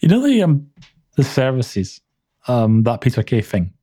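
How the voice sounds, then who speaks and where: A man co-hosting a podcast in casual chat, enthusiastic and quick to laugh, often restarting his sentences. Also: mid-range voice, sing-song, warm tone, breathy edge. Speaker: podcast co-host.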